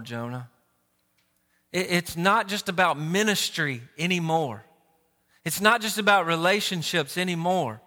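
A man's voice: high-pitched, pushed and bright. A man pastor preaching a sermon, telling stories and acting out the voices of people he quotes. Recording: long hall reverb.

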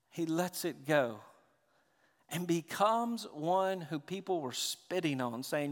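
A man with a notably high voice delivers a sermon from the pulpit. His preaching is animated, dropping low and quiet, then rising loud and emphatic. A long church-hall reverb trails behind every phrase. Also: takes it slowly. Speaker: pastor.

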